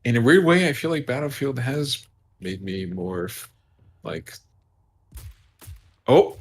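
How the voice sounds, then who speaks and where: A man's voice: mid-range voice, sing-song, slow pace, a little hiss or hum. A man playing an online shooter and chatting casually with teammates in a teasing, playful way. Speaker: game player. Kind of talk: casual gaming voice chat.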